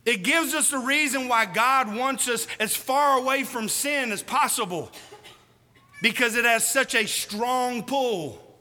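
In a reverberant hall, a man preaches a sermon in a very high, pushed, bright voice at an unhurried pace. He's emphatic and folksy, firing questions at the congregation.

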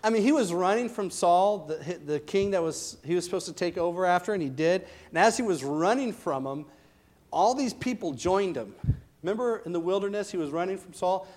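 Passionate, high-voiced male preacher. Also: expressive, fairly quick. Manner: passionate, swinging from loud to hushed. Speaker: pastor. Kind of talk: sermon.

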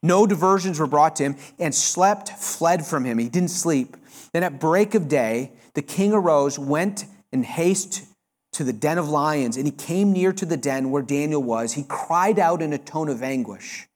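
A male preacher delivering a sermon, reading a scripture passage with expressive, emphatic delivery. He often stops to explain the text in his own words. His voice sits a little higher than most men's. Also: measured pace. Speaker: pastor.

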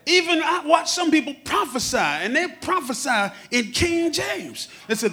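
A man preaching a sermon, humorous and animated, acting out quotes as he teaches. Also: very high-pitched, moderate pace, few pauses, a little hiss or hum.

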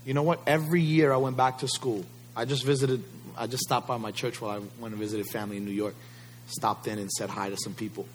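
A man's voice: medium pitch, fairly even intonation, fast talker, slight background noise. A male pastor preaching a sermon, emphatic and fond of rhetorical questions to the congregation.

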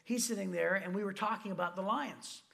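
A man from Michigan preaching a sermon as pastor, telling lively personal stories with asides and quoted voices. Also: high-pitched, a little fast, vocal fry.

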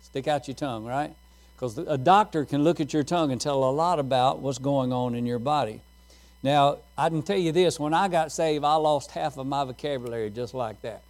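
A man's voice: medium pitch, normal speed, a little mellow. A middle-aged man preaching a sermon, telling folksy stories and laughing at his own jokes.

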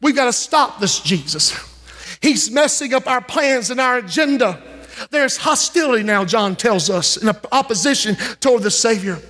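A preacher with a strikingly high voice delivers a fervent sermon, calling out to his listeners and building momentum. His voice rings through a church with a long, lingering reverb. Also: animated, moderate pace, pushed and bright. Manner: fervent preaching with call-outs to the congregation. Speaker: pastor. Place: church sanctuary.

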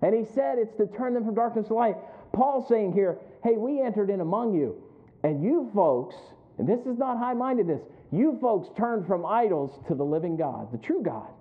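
A male pastor delivering a sermon in a high voice. He moves from reflective storytelling to fervent appeals and repeats key lines for emphasis. The sound is thin and narrow, as if over a phone line. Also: expressive, normal speed.

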